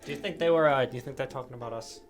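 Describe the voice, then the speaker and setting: A British player chatting in character, with a lively, sing-song delivery. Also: mid-range voice, very fast, music in the background. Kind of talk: in-character tabletop chat.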